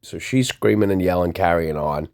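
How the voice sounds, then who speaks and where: A man tells his story in a low, gravelly voice. He talks casually and acts out the people he quotes. The pitch sits deep throughout. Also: moderate pace, a little mellow. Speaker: DJ telling a personal story.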